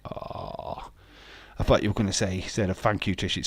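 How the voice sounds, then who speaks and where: A man's voice: low voice, fairly even intonation, normal speed, sharp tone, dry recording. A man hosting a live wrestling watch-along, chatting casually in a sarcastic, joking way and swearing freely.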